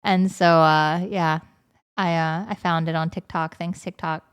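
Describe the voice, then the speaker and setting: A woman hosting a livestream from home, telling a story in an animated, chatty way with lots of fillers and laughter. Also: low voice, unhurried, clean tone. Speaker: livestream host. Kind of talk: casual chat.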